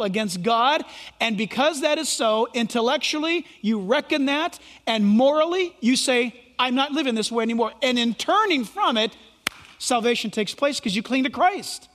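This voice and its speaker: Male pastor, high animated voice, emphatic preaching style, reverberant hall sound. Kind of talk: sermon.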